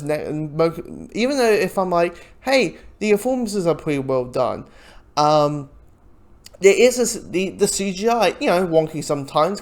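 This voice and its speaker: A man's voice: high-pitched, darkish tone. A man talks through his take on a movie in a loose, casual way, wandering from point to point. His voice swings up and down a lot as he goes, and now and then he slips into the voices of the people he is quoting. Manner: rambling, acts out quoted lines. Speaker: film reviewer. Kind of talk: casual spoken movie review.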